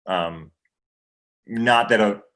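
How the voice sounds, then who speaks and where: Low-voiced man, chatty guest from Maine. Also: very slow, a bit bright. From Maine, USA. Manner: chatty, rambling, swears freely. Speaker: guest actor. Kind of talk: casual livestream Q&A.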